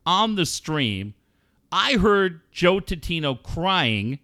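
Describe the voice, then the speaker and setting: Animated high-pitched man bantering on radio. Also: slow. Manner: loud, mocking, animated storyteller who swears a lot. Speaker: radio show host. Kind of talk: casual profane banter.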